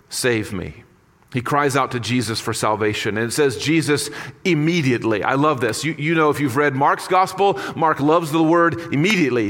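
A man's voice: mid-range voice, fairly bright tone, big-room sound. A man preaching a sermon in an earnest, conversational way with casual asides. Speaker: pastor.

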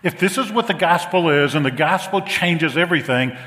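Pastor guy preaching, animated, repeats himself, slightly high voice, big reverby sanctuary. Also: moderate pace. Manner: animated, repeats phrases for emphasis. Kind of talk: sermon. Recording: long reverb of a large hall.

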